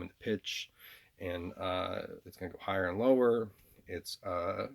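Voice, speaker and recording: This deep, gravelly male voice belongs to a vlogger from the American South. He rambles through a personal monologue, hesitant and repetitive, with plenty of fillers and false starts.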